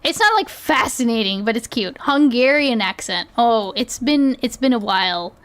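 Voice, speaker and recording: A woman's voice: a little high, animated, moderate pace, fairly bright tone. A young woman streaming, chatting casually as she reacts to clips, laughing often and asking "okay?" a lot.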